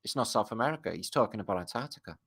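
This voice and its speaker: Guy reading an old book out loud for his viewers, keeps stopping to ramble about it, lots of ums, bright punchy voice. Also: lowish voice, racing. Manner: excitable and rambling, with many fillers and asides to viewers. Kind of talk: casual commentary while reading aloud.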